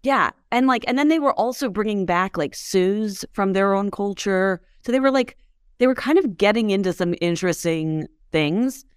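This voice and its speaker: A woman's voice: mid-range voice, moderate pace, clear, resonant tone, dry recording. American woman in her 30s telling a story, chatty, says like a lot, dry room. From United States. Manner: animated, fillers like "like", acts out quotes. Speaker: whiskey entrepreneur guest. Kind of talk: casual storytelling interview.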